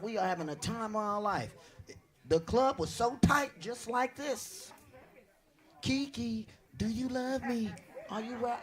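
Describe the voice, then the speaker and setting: A man doing a stand-up comedy set on a club stage, brash and profane, telling stories loudly to a live audience. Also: very high voice, vocal fry. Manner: brash, profane, animated storytelling.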